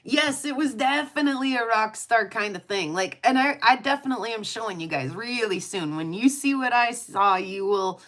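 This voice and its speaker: A woman's voice: on the high side, animated, moderate pace, few pauses, a bit bright. A woman hosting her rock channel, chatting casually and gushing with frequent laughter. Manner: giggly and gushing, lots of laughter and fillers. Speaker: rock hounding channel host. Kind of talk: casual chat.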